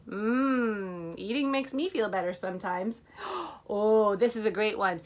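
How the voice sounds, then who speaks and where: A woman teacher reading a picture book to children in an animated way, stopping to ask them questions. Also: on the high side, measured pace.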